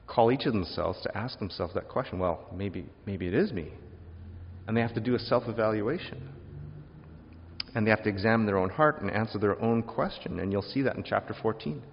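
A man preaching a sermon, lively and wry, acting out quoted questions in different voices and adding joking asides. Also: lowish voice. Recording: dull lo-fi sound with long hall reverb.

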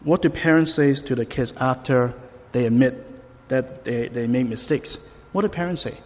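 A man's voice: medium pitch, normal speed. A man preaching a sermon in an easy, conversational way, asking the listeners questions. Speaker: pastor. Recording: long reverb, dull lo-fi sound.

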